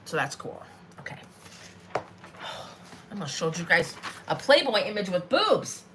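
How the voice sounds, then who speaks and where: A woman's voice: on the low side, big pitch swings, unhurried, noisy background. A woman in her forties chatting in a rambling way with lots of fillers as she hosts a live craft stream from her desk. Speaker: craft vlogger.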